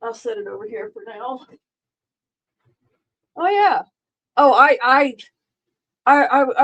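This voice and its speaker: A woman's voice: high voice, lively intonation, takes it slowly, long pauses, fairly bright tone, rough recording. Sarcastic woman rambling on a livestream. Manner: dry, sarcastic, rambling with restarts. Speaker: streamer. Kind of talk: casual live-stream chat.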